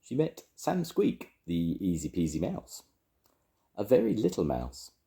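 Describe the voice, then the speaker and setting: An older man reading a children's story aloud, gently chatting with young listeners between lines. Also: low-pitched, wildly swooping pitch, unhurried. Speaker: storytelling grandad.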